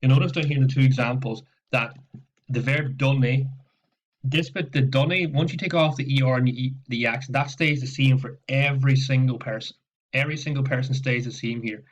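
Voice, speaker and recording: A man's voice: mid-range voice, normal speed. A man teaching French, patiently walking students through exercises over a slightly dull laptop recording. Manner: explains patiently with frequent "okay" and repetitions. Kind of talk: recorded classroom lesson walkthrough. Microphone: laptop microphone.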